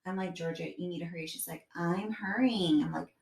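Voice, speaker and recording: A woman's voice: on the low side, rapid-fire, vocal fry, reverberant, far from the mic. A woman co-hosting a podcast, chatting casually and acting out scenes from family life as she tells stories. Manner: animated storyteller, acts out family scenes. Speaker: podcast co-host. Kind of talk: casual chat.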